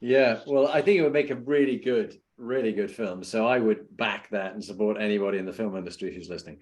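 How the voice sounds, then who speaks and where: A man's voice: fairly low pitch, a little fast, darkish tone. A middle-aged man from the United Kingdom hosting a podcast, asking long, rambling, supportive questions full of fillers. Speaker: podcast host. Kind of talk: interview conversation.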